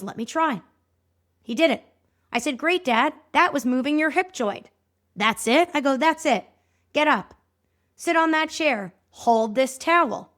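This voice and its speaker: Female podcast host, high pitched, animated storyteller who acts out the dialogue. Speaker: podcast host and movement coach. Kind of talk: storytelling monologue.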